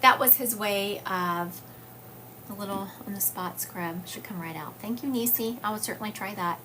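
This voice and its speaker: A woman's voice: medium pitch, normal speed, background noise. Chatty woman hosting a livestream. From US South. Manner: chatty, reads viewer comments aloud, frequent fillers. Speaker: psychic medium livestream host. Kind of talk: casual livestream chat. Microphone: phone or webcam livestream.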